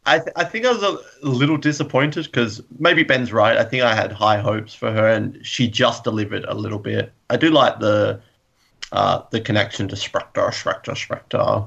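A man's voice: lowish voice, moderate pace, vocal fry, fairly bright tone, slightly rough, lo-fi sound. A man co-hosting a podcast, chatting casually and enthusiastically, often laughing. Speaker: podcast co-host. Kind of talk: casual chat.

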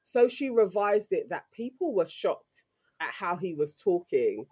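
A woman with a London accent, co-hosting a podcast and telling stories in a lively, slangy way. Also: fairly low pitch, a little slow, slightly rough. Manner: animated, slangy storytelling. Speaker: podcast co-host. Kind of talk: casual chat.

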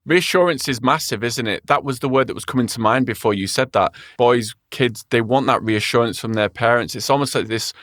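A man's voice: mid-range voice, fairly quick, few pauses, fairly bright tone, no echo, studio quality. A man hosting an interview, engaged and conversational, following up on his guest's answers.

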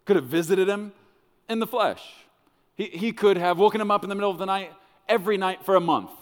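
A man preaching a sermon as pastor, dramatic, swinging between loud bursts and hushed lines. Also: high voice, brisk. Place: church hall. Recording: long reverb of a large hall.

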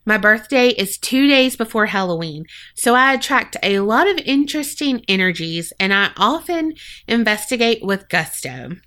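A woman's voice: a little high, expressive, normal speed, bright, forceful tone. A woman co-hosting a podcast, chatting agreeably and reading a listener's story aloud. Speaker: podcast co-host. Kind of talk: casual chat and reading listener stories aloud.

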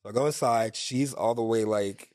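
A man's voice: fairly low pitch, moderate pace, no room sound. Brief: young man, podcast guest, chatty anecdotes with lots of "um" and "like", dry close mic. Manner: animated, rambling anecdotes with many fillers. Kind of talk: casual storytelling chat.

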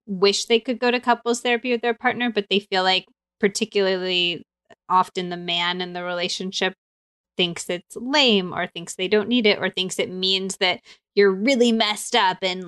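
A woman's voice: medium pitch, fairly bright tone, smooth. A woman hosting a casual chat, engaged and asking her guest follow-up questions.

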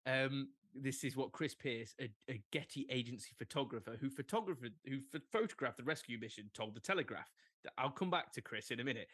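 A man's voice: medium pitch, brisk, husky, no room sound. A young English man co-hosting a sports podcast, chatting casually with jokey asides. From England. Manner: animated, jokey, fond of asides. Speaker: podcast co-host. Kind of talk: casual chat.

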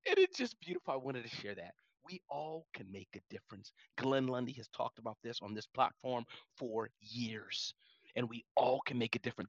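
A man in his forties hosting a live audio room on his phone, talking fast and excitably. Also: mid-range voice, creaky, dry recording, lo-fi sound. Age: 40s. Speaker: host.

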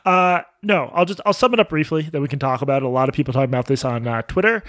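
A man co-hosting a podcast in casual banter, with sarcastic, deadpan jokes. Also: fairly high pitch, rapid-fire, dry recording, studio quality. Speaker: podcast co-host.

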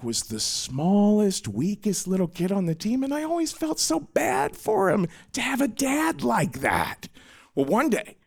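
A man's voice: high voice, gravelly. A man telling a personal story with a dramatic, self-mocking flair, acting out the people in it.

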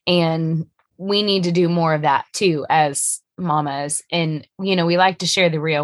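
A woman's voice: on the low side, no room sound. A woman co-hosting a podcast, chatting casually and giving encouraging responses. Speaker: podcast co-host.

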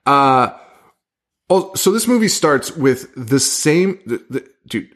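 A man co-hosting a casual horror movie podcast, loose and profane, laughing often and talking in quick bursts. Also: medium pitch, sing-song, a bit bright. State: hungover. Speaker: podcast co-host. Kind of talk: casual chat.

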